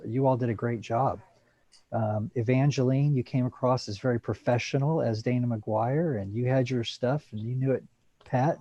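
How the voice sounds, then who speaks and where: A man's voice: mid-range voice, dark tone, no echo. A man who organized a mock trial, giving chatty, enthusiastic feedback with many fillers over a video call. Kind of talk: casual praise and feedback.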